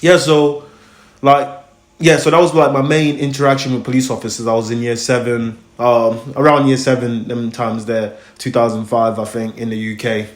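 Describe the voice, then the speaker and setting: Young man, storyteller, rambling and animated, echoey room, middle pitch. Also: moderate pace. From Congo, raised in America, now UK. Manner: rambling and animated, acts out voices, heavy slang fillers. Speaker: host. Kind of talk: casual storytelling chat.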